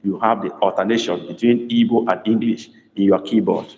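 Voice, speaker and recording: A man teaching a live online language class, dictating phrases slowly and repeating them, praising students by name. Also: lowish voice, steady tone, lo-fi sound. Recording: echoey room with long reverb.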